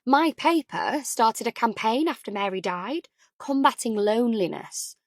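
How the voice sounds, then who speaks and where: An audiobook figure: a full-on, gossipy mother who lilts upward as she talks, played by a woman narrator. Her chatter is effusive and a touch high. The recording is dry and close. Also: lively intonation, measured pace, no room sound. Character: pushy, gossipy posh mother of three. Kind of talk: audiobook character voice.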